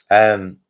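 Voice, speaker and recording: A man co-hosting a live stream in easygoing casual chat, often pausing on fillers.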